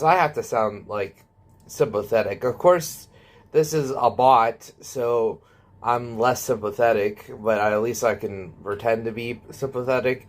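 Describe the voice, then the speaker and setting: A man's voice: mid-range voice, measured pace. A man casually telling a prank story, reading out chat messages and chuckling at his own jokes. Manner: switches between narrating and reading quoted texts. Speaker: comedy YouTuber.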